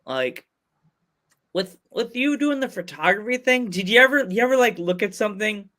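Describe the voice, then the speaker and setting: A man's voice: high voice, animated, normal speed, pushed and bright. A man from Pennsylvania hosting a casual podcast interview, joking and laughing often. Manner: playful, laughs often, jokey voices. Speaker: podcast host.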